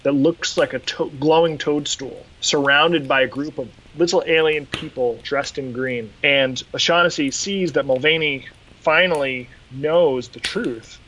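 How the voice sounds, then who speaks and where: A man's voice: fairly high pitch, a little slow, lo-fi sound, a little hiss or hum. A man hosting a podcast, retelling an episode in casual chat and acting out quotes along the way. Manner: animated retelling with acted quotes. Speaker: podcast host.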